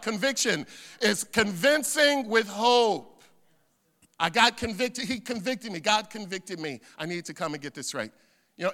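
High, animated preacher man in reverb. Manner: preacher swinging from hushed asides to loud shouts. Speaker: pastor. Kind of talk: sermon. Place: church sanctuary. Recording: long church hall reverb.

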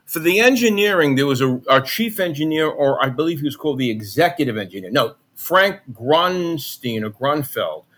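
A middle-aged man with a trace of a Long Island accent, telling animated stories as an interview guest about his radio days. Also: normal speed, few pauses. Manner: animated, jumps into high mock voices when recounting. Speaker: guest, former college radio announcer. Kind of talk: conversational interview storytelling.

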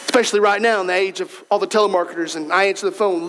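A male pastor preaching a sermon in a church, with a strikingly high-pitched voice. He talks in a conversational way but leans hard on his points and addresses the congregation directly. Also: fairly even intonation, rapid-fire, a bit bright, slight background noise, poor audio.

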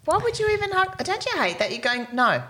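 A woman, a podcast co-host who reacts and teases with quick quips in casual chat. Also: very high voice, big pitch swings, bright, forceful tone.

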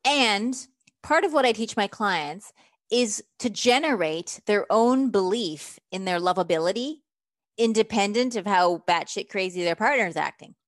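A woman relationship coach, speaking as an interview guest, lively and emphatic, acting out quoted lines as she explains her method. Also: medium pitch, moderate pace, dry recording, studio quality.

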